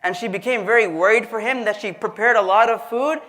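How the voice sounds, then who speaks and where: This storytelling sermon comes from a man whose high voice has a sharp tone and moves a little fast. He talks directly to the audience in a conversational way, acting out whatever he quotes.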